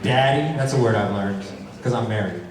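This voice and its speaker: A man's voice: on the low side, moderate pace. A man performing a stand-up comedy set on a large theater stage, with a wry, playful delivery. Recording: very echoey hall from far off, loud crowd and noise. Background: crowd laughter.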